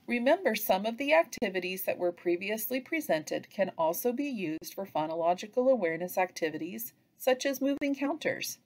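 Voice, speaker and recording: Woman, teacher trainer, instructional narration, lively pitch. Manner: slow, lively delivery with chanted example phrases.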